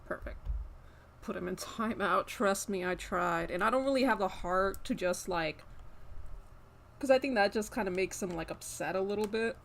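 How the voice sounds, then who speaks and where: A young woman streaming live, chatting casually and rambling with lots of fillers, breaking off to scold her pet with sharp repeated commands. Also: medium pitch, normal speed, creaky, slight background noise.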